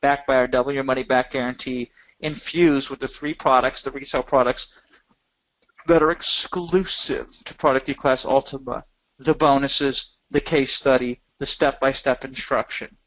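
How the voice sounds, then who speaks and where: A man giving an energetic sales pitch in a webinar, with emphatic rises in pitch. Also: moderate pace, highs cut off. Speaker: webinar presenter.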